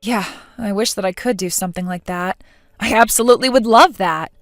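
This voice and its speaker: A woman's voice: medium pitch, a little fast, no room sound, clean studio sound, soft background music, close to an everyday voice. A woman playing an indignant, hurt young bride who speaks in an exasperated way.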